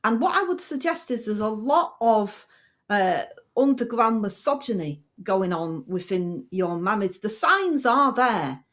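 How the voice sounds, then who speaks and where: A woman's voice: medium pitch, expressive, a little slow, a bit bright. A woman doing a brash, blunt politician. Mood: brusque. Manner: blunt, dismissive, casual slang. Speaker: agony aunt in a comedy sketch. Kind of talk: comic impression on radio.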